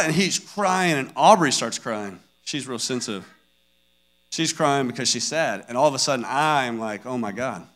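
Man in his thirties, slightly higher voice with a bright edge, earnest devotional storyteller who acts out scenes. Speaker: father sharing a devotional message. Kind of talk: personal devotional talk.

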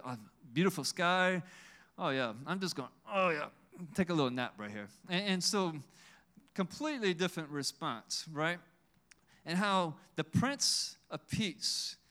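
A man preaching a sermon, building up to loud, emphatic declarations. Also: on the high side, clean tone.

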